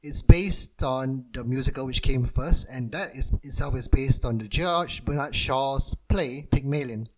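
Guy co-hosting a movie podcast, laid back, laughs a lot, normal pitch. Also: unhurried, few pauses, a little hiss or hum, poor audio. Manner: relaxed, chatty, laughs often. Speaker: podcast co-host. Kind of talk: casual film podcast chat.

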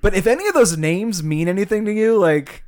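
A man's voice: high-pitched, expressive, brisk, a little mellow. A man co-hosting a podcast in casual chat, talking loosely with lots of fillers and frequent laughs. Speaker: podcast co-host.

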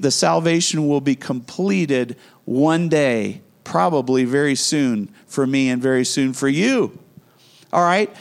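A man preaching a sermon, earnest and emphatic, slowing down to stress key phrases and repeating them. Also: a little high. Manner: earnest preaching with dramatic slowdowns and emphatic repetition. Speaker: pastor.

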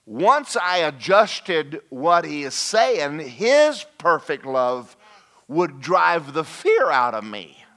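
A man preaching a lively sermon, folksy and animated, slipping into mock voices and asides to the congregation. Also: on the high side, takes it slowly, hardly any pauses. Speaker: pastor.

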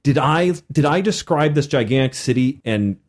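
A man hosting a podcast in casual chat, animated as he tells stories of running a game and acts out his players. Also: medium pitch, moderate pace. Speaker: podcast host and game master.

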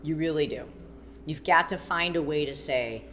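A woman fitness trainer in a casual faith-based talk, animated and rambling, with many fillers and acted-out quotes. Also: low voice, normal speed, slight background noise. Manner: animated, acts out quoted speech.

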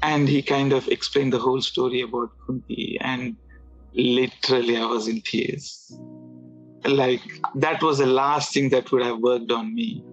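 A man's voice: mid-range voice, steady tone. Guy rambling thru a story, lots of restarts, muffled audio, some music faint underneath. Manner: halting, with restarts and filler words. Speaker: guest telling his conversion story. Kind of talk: casual storytelling.

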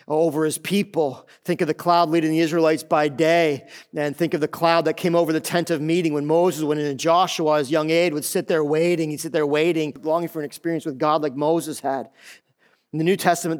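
A middle-aged man, a pastor preaching a sermon in an animated way, acting out the voices of others. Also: on the high side, clear, resonant tone.

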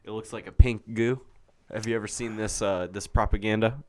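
A man's voice: fairly low pitch, fairly even intonation, a little fast, a little mellow. A man co-hosting a podcast in casual chat, with loose, profane, joking banter. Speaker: podcast co-host.

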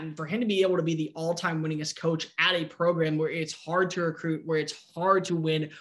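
A man giving an opinionated, animated breakdown in casual sports talk. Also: fairly high pitch. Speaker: sports analyst.

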